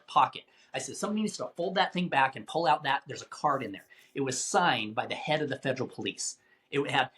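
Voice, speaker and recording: A middle-aged man, a podcast guest, recounting a tense rescue mission in vivid, animated storytelling with acted-out quotes. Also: fairly high pitch. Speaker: guest, anti-trafficking rescuer. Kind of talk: dramatic storytelling in a podcast interview.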